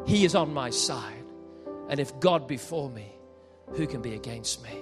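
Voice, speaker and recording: A man preaching a live sermon at a church service, building passionately and sometimes shouting. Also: medium pitch, lively intonation, normal speed. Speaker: pastor. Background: faint piano.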